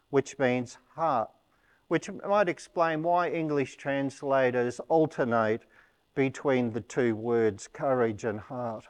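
Slow, measured male preacher. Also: medium pitch, clean tone. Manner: measured, explanatory teaching delivery. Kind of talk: sermon.

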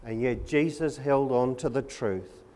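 A man preaching a sermon in an earnest, measured and emphatic way. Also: medium pitch, mellow.

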